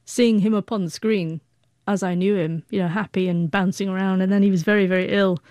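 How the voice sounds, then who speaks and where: A woman's voice: medium pitch, fairly even intonation, fairly quick, a little mellow, no room sound, clean studio sound. A woman in her forties, a guest telling a heartfelt personal story, who stutters and breaks off the starts of words. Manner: heartfelt, reflective.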